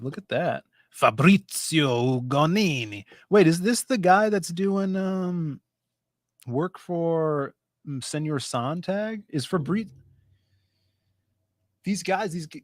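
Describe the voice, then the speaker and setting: A man's voice: fairly high pitch, dry recording, clean studio sound. Chatty man hosting a comics stream. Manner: chatty, jumps between topics. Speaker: host of a comics livestream. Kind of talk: casual livestream chat.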